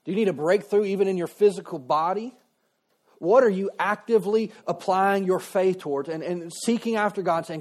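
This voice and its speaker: A pastor preaches in a relaxed, conversational manner, slipping into quoted voices as he retells a story. For a man, his voice sits a little high, and he keeps a moderate pace.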